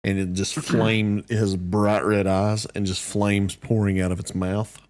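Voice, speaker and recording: A man narrating as dungeon master, in an easygoing, halting way with fillers. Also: lowish voice, level tone, darkish tone. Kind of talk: narrating a tabletop game.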